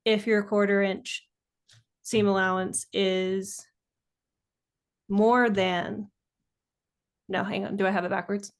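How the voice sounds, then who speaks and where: A woman's voice: mid-range voice, flat delivery, slow pace, long pauses. A woman co-hosting a live online quilting lesson, explaining sewing steps with hesitations. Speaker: co-host.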